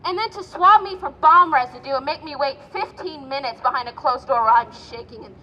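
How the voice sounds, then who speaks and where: A woman's voice: high-pitched, fairly quick, pushed and bright, long reverb tail, highs cut off. A woman giving shaken, indignant personal testimony outdoors at a rally. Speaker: rally speaker sharing a personal account.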